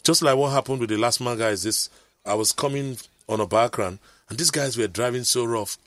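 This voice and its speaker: A man's voice: mid-range voice, brisk, fairly bright tone, no echo. A middle-aged man, telling rambling stories in casual chat, with preachy asides.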